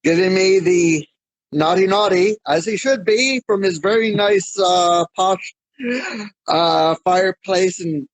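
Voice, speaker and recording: Unhurried, halting male producer, dry close mic. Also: on the high side, no room sound, rough recording. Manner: hesitant, full of fillers. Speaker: writer-producer of fan series. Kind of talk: casual video call interview.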